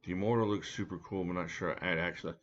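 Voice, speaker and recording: A man with a low, steady voice talks fast, hosting a casual home live stream where he reviews knives, chatting and joking with viewers by name as he reads their comments. He uses a desk mic, and the audio is dull with slight background noise.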